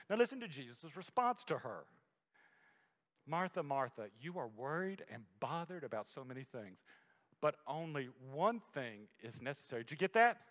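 High-voiced preacher in a reverberant hall. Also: male voice. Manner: dramatic swings from loud emphasis to hushed near-whisper; slows to stress key words. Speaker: pastor. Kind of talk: sermon.

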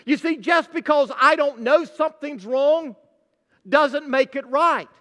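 A man's voice: very high voice, expressive, measured pace, a bit bright. A male pastor preaching a sermon with emphatic, direct address to his congregation. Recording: long church-hall reverb.

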